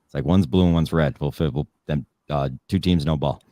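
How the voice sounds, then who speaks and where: Super deep gravelly guy, blunt and sweary, dry close sound. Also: fairly quick, warm tone, no echo. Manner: blunt, swears often, dismissive. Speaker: podcast co-host. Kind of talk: heated casual debate.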